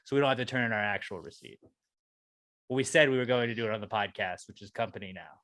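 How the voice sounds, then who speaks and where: A man co-hosting a podcast in casual chat, playful and swinging from loud outbursts to mumbled asides. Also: lowish voice, fast, no echo, studio quality. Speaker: podcast co-host. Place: podcast studio.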